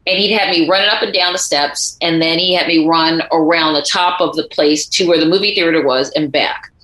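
Bright-voiced woman telling animated stories. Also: low-pitched, fairly quick, roomy sound, poor audio. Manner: animated storyteller acting out quoted voices. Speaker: author and guest. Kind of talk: conversational interview.

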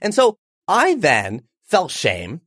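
A man in his forties, an author guest on a podcast, telling a personal story in an animated, emphatic way. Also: on the high side, slow, no room sound, clean studio sound. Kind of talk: storytelling in an interview.

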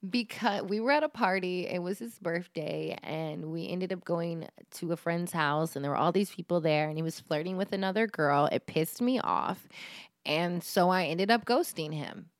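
A young woman with a slightly low voice chats as a podcast guest, frank and quick to laugh at herself. Her voice is recorded close and dry, with no room sound around it. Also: dry recording. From Philadelphia. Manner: candid, laughs often, self-mocking. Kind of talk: casual chat.

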